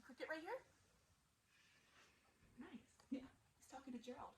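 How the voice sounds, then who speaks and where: A woman museum storyteller reading a picture book aloud to children, animated and asking them questions. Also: high voice, unhurried, a little hiss or hum, poor audio.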